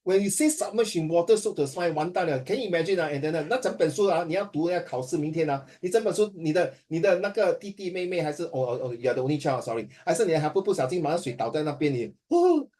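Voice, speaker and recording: A man with a Singaporean English accent tutors a student one-on-one in a casual, playful, teasing style, switching between languages. His warm voice is on the high side, and he speaks quickly with hardly any pauses.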